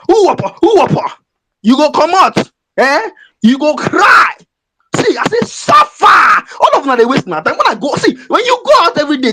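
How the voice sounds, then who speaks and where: Nigerian speaker ranting on a phone call, pitch jumping all over, mocking and fiery. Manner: fiery, mocking, switches into Pidgin, breaks into shouts. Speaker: caller. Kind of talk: impassioned rant on a live audio chat.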